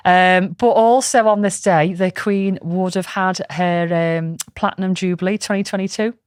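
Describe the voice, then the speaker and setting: A woman's voice: on the low side, steady tone, normal speed, clean tone, dry recording, studio quality. A woman co-hosting a podcast in casual, rambling chat, swearing freely. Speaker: podcast co-host.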